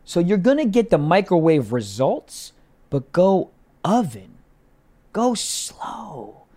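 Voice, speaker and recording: A young man co-hosting a comedy podcast, talking crudely and animatedly, swinging between loud bursts and low drawn-out lines. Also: very animated. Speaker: podcast co-host.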